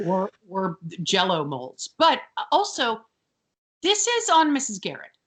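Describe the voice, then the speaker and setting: A woman co-hosting a casual podcast, recapping scenes with sarcasm and mimicking characters. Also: a little slow. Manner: animated, sarcastic, mimics characters in high shrill bursts. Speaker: podcast co-host.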